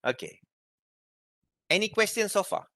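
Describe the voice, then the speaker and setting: A man with a Malaysian English accent gives a university lecture and walks the students through each point. His slightly high voice rises and falls in a lively way. The recording is dry, with very little room sound. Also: normal speed, no echo. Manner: explains step by step, asks the class if they have questions. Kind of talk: university lecture on research methods.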